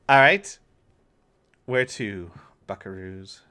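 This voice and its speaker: A man's voice: fairly low pitch, animated, moderate pace, bright, forceful tone. A man running a tabletop game as game master, joking and laughing often.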